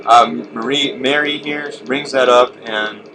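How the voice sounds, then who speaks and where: A man's voice: medium pitch, steady tone, a little slow, noisy background. A man narrating a video game walkthrough in a casual, rambling, profane way. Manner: profane, rambling, laid-back. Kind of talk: casual gameplay commentary. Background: game music.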